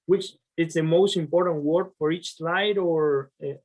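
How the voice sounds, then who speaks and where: A man's voice: a little high, steady tone, measured pace, a little mellow. A man taking part in a workshop, hesitantly asking a question with many fillers.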